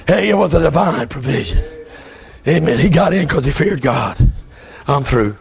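Preacher guy, high gravelly voice, shouting fired-up sermon. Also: lively intonation, moderate pace, a faint crowd. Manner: fervent, shouting, repetitive calls. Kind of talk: revival sermon.

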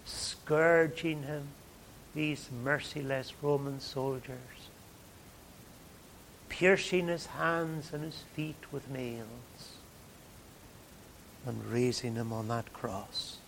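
Slow, dramatic male preacher. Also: mid-range voice, gravelly, a little hiss or hum. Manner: dramatic, swings from hushed to loud. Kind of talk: sermon.

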